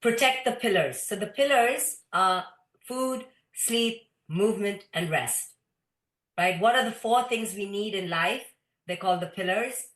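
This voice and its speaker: A woman's voice: mid-range voice, a little slow, fairly bright tone. A woman leading a live parenting workshop, speaking directly and instructively, sometimes reading audience comments aloud. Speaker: parenting teacher. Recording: roomy echo.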